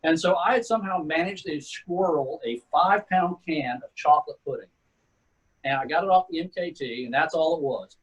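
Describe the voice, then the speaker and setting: The audio is poor, but the speaker comes through: a middle-aged retired Army sergeant first class from Texas, guesting with casual war stories. His voice is a little high and husky, his pace fairly quick, and he keeps calling people "man" and "dude".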